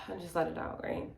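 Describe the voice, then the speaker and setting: Young woman, deep gravelly voice, laid-back wellness vlogger, faint room echo. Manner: relaxed, slangy, soft-spoken, drifts into near-whisper. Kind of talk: casual guided talk and meditation.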